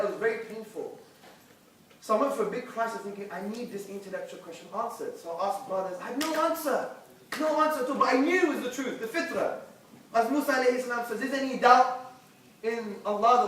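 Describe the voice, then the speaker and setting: Before a live audience, a high-voiced man gives an animated testimony of his conversion, speaking in emphatic bursts that swing between hushed and loud. The sound is captured from a distance in an echoey hall, with slight background noise.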